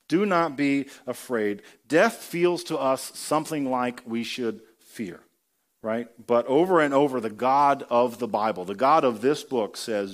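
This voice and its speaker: A man's voice: mid-range voice, moderate pace. A man giving a sermon in a conversational preaching style, asking the congregation rhetorical questions. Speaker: pastor.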